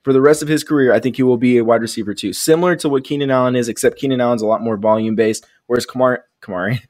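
A man's voice: medium pitch, fairly even intonation, very fast, darkish tone, dry recording, studio quality. A man co-hosting a podcast, giving confident takes on fantasy football in casual chat. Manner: confident, teasing. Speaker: podcast co-host.

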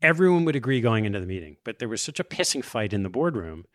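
A middle-aged man hosting a podcast, explaining ideas in a lively conversational way with quoted asides. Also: medium pitch, fast talker, dry recording. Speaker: podcast host interviewing investors.

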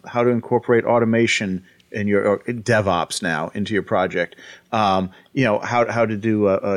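A man talking as a guest on a podcast interview, telling a long story with frequent fillers and restarts. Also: mid-range voice. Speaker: guest, book author and publisher.

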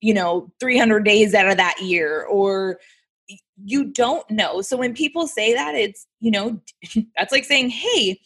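Husky woman, earnest and emphatic. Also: mid-range voice, measured pace, fairly bright tone. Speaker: guest, military spouse. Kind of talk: interview conversation.

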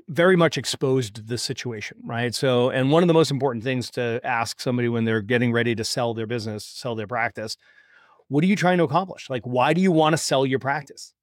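A man hosting a podcast, telling a client story in a casual, animated way, acting out the quoted dialogue and checking in with "right?" and "you follow me?". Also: medium pitch, no room sound, studio quality. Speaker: podcast host and practice exit consultant.

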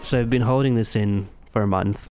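Casting: man, low voice, casual storyteller acting out the dialogue, dry close sound. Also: steady tone, fairly quick, darkish tone, dry recording, soft background music. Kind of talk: casual chat.

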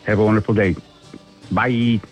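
A man's voice: lowish voice, steady tone, normal speed, faint music behind. A man giving his recorded voicemail greeting in a friendly, polite way.

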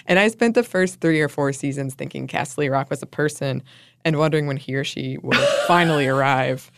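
A woman's voice: deep voice, brisk, no room sound, clean studio sound. A woman co-hosting a podcast in casual chat, talking with frequent laughs and fillers. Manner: chatty, laughs often, many fillers. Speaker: podcast co-host.

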